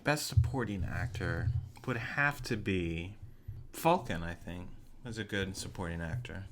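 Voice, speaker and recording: Guest guy on a movie podcast, deep but bright and sharp, deadpan jokes. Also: unhurried, a little hiss or hum. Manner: dry, deadpan humor. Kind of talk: casual movie-podcast chat.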